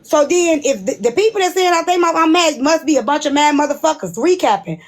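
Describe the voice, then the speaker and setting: A woman's voice: high voice, lively intonation, fairly quick, low-quality recording. A woman hosting a casual live stream, talking bluntly and profanely in a rambling way.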